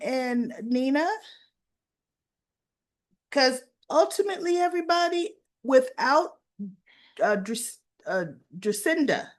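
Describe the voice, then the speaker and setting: Female recap host, high-ish voice, slow casual delivery, chatty and colloquial, acts out the dialogue. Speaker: soap opera recap host.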